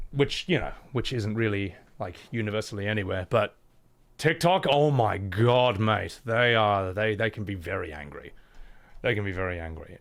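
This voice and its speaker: A man in his thirties chatting casually and animatedly on a live game stream, laughing often. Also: medium pitch. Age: 30s.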